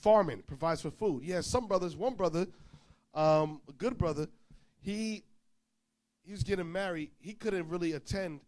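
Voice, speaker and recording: Male preacher, higher voice, lively storyteller who acts out the dialogue himself, informal sermon. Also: moderate pace. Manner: animated storyteller, acts out dialogue, swings loud and soft.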